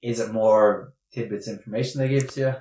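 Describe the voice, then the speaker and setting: A man's voice: on the low side, fairly even intonation, fairly quick, a crowd in the background. A young Irish man hosting a podcast, asking easygoing questions in a casual chat. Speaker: podcast host.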